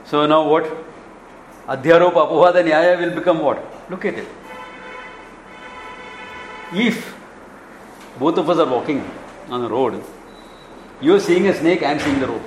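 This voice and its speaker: A man's voice: a little high, normal speed, long pauses, a little hiss or hum. Male Indian spiritual teacher, Kerala-born, chuckling storyteller in an echoey hall. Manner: animated storytelling, acts out dialogues, chuckles often. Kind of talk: Vedanta discourse.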